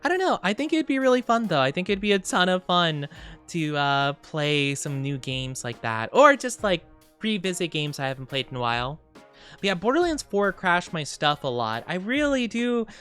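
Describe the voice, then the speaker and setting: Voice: medium pitch, big pitch swings, normal speed, fairly bright tone, clean tone, faint music behind. A live streamer in casual chat with viewers, rambling and thinking aloud with lots of fillers.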